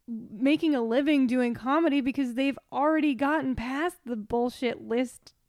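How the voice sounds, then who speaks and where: High-voiced woman in candid podcast chat. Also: normal speed, darkish tone, dry recording, clean studio sound. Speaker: podcast co-host.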